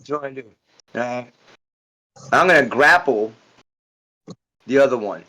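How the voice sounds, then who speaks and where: A man's voice: medium pitch, unhurried, sharp tone, rough recording. A man playing a tabletop game, hesitant and asking about the rules. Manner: hesitant, asks rules questions. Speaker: player.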